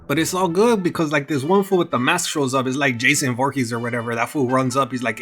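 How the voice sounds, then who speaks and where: A man hosts a comedic anime recap, his voice sitting a little higher than most men's. He drops Spanish slang and jumps into playful put-on voices. Faint music plays underneath. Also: quick pace.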